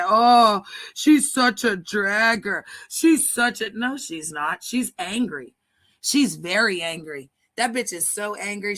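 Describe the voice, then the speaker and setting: A woman's voice: lowish voice, pushed and bright. A woman hosting a livestream, giving casual profane commentary in a crude, mocking way and laughing often. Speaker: livestream host.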